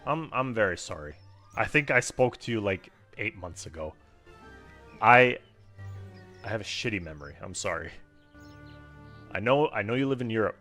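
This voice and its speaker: A man's voice: fairly low pitch, expressive, normal speed, pauses often, pushed and bright, soft background music. A man giving casual, chatty gameplay commentary, self-deprecating and swearing now and then. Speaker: streamer.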